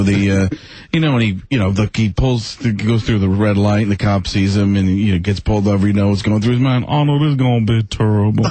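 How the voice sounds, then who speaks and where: A male comedian from Wisconsin chatting quickly and jokingly as a guest in a radio studio. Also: on the low side, a little mellow, husky, dry recording. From Wisconsin, USA. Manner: quick, joking, self-interrupting. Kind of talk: casual radio interview.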